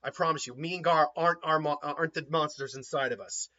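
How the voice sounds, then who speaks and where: A man's voice: on the high side, quick pace, pushed and bright, dull audio. A man voicing a loyal, determined young male ninja in a plain, earnest voice. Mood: resolute.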